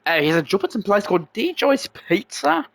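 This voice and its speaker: Man doing a naive cheerful guy, rambling, stammering, higher pitch, bright, dry. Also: sing-song, brisk, gravelly, no room sound, full character voice. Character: clueless upbeat young man, helpful and naive.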